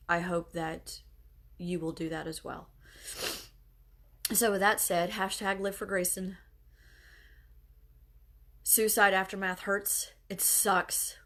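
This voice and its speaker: A middle-aged bereaved mother speaking earnestly and haltingly to her followers, tearful as she talks. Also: fairly low pitch. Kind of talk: emotional direct-to-camera talk.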